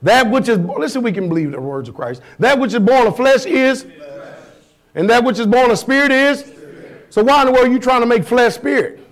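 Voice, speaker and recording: A man's voice: extremely high pitch, expressive, a little fast. A man preaching a sermon as pastor, firing blunt rhetorical questions at his congregation in a folksy, emphatic way.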